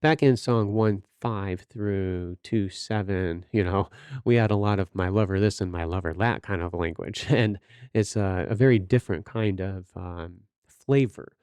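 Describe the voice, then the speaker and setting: A man's voice: low-pitched, measured pace, a little mellow, smooth, no echo. A man hosting a podcast, giving earnest, sermon-like Bible teaching with rhetorical questions and direct exhortation. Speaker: podcast host teaching scripture.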